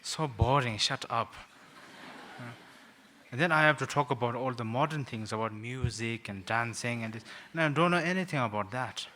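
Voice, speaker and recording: Man rambling through a gentle teaching talk. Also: medium pitch, moderate pace, a little hiss or hum. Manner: rambling, self-mocking, with frequent "sort of" and hesitations. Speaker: Buddhist teacher, guest speaker. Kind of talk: informal teaching talk to young people.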